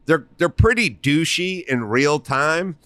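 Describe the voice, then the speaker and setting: Man, middle-aged, podcast host, comedic riffing, dry close sound, slightly high voice. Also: lively intonation, takes it slowly, a bit bright, no room sound. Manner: riffing, storytelling, acts out quotes. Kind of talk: casual comedic chat.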